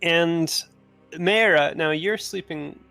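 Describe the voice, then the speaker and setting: A man with a gravelly, slightly high voice narrates a tabletop game as its game master. He talks in an easygoing, unhurried way, often pausing on fillers. Soft music plays underneath. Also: no room sound.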